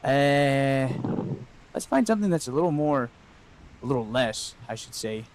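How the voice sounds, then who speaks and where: A man's voice: mid-range voice, animated, measured pace, slight background noise, poor audio. A man streaming as a VTuber, chatting casually and joking around with his viewers. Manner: playful, joking, swears freely. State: out of breath. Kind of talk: casual live stream chat.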